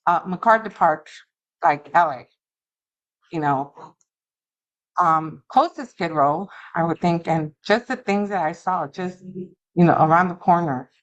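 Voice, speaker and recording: A middle-aged woman giving an earnest, halting personal recovery testimony at a meeting. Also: on the low side, highs cut off. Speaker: alumni speaker at a recovery meeting. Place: meeting room.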